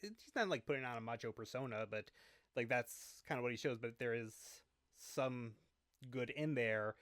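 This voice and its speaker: A man's voice: medium pitch, moderate pace, fairly bright tone, no room sound. A man with an ordinary mid-range voice talks things over at an easy pace, stopping to think now and then. The sound is dry and close. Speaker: podcast co-host. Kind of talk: casual chat.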